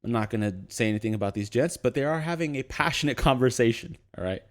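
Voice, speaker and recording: Young man, casual podcast storyteller, animated with frequent laughter, average pitch. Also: fast.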